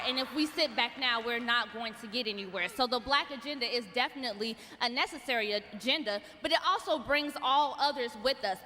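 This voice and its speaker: A woman speaking forcefully at a panel, rallying with repeated phrases. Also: sits high. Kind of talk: impassioned public remarks. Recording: echoey hall with faint noise.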